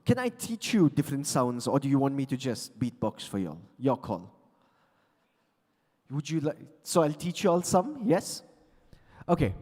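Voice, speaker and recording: A man's voice: mid-range voice, sing-song, normal speed, pauses often, a little mellow. A man teaching beatbox sounds on stage, playfully coaxing the audience to join in. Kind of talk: live stage workshop. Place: large conference hall. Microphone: handheld stage mic. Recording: long hall reverb.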